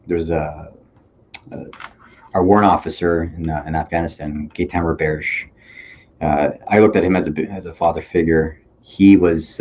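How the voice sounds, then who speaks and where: A man from Toronto, Canada, a police officer and army veteran, speaking as a podcast guest in an earnest, reflective way with halting fillers. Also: low-pitched, a little mellow, lo-fi sound. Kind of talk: candid conversational interview.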